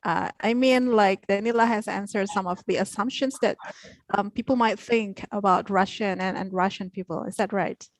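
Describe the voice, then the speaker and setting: A woman's voice: medium pitch, fairly even intonation, no echo. Woman hosting. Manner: friendly, brisk moderating with small laughs. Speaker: teacher and host. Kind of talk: hosting a school Q&A.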